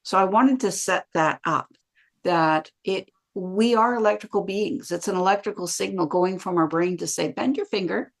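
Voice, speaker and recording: Lively woman telling stories. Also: fairly low pitch, moderate pace. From Canada. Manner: lively, acts out quoted dialogue. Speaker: podcast guest, bioenergetics practitioner. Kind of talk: casual interview storytelling.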